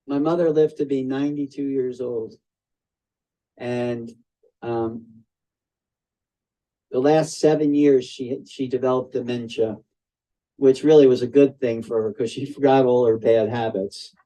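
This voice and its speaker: An older man giving a devotional talk to a group over a video call, telling stories slowly and circling back on his phrases. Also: mid-range voice, steady tone, warm tone, rough recording. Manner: slow, storytelling, repeats and restarts phrases. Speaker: spiritual teacher.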